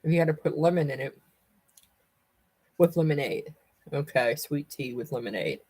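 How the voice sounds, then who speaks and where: A woman's voice: deep voice, lively intonation, normal speed, a little mellow, breathy edge. A woman with a Southern US accent chatting casually on a live stream, rambling from topic to topic and breaking off to call her cat.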